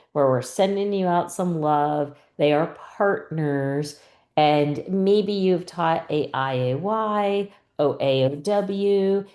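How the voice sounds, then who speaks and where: A woman's voice: low voice, mellow, reverberant. A woman explaining a reading lesson to fellow teachers in a patient, step-by-step way.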